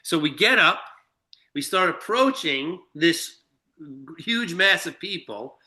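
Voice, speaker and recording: A man's voice: high voice, lively intonation, slow pace, sharp tone. A man telling a long, profane anecdote in casual chat, full of fillers and restarts. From Shelter Island, New York. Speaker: guest storyteller. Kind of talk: casual storytelling.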